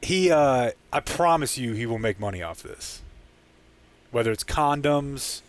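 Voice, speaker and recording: A man co-hosting a loose comedy podcast. His voice sits at an ordinary middle pitch. He talks in a wry, joking way and often laughs at his own bits. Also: animated, measured pace. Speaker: podcast co-host. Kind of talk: casual comedic chat.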